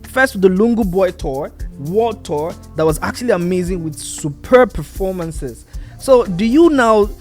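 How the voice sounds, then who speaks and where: Lively Nigerian man asking long questions. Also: high voice, measured pace, faint music behind. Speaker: podcast co-host. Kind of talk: casual discussion.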